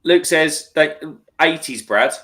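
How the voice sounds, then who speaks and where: A man's voice: a little high, lively intonation, slow, pushed and bright, breathy edge. Easygoing British man reading chat. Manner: easygoing, reads out viewer comments. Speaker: live stream co-host reading chat. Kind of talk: boozy late-night chat.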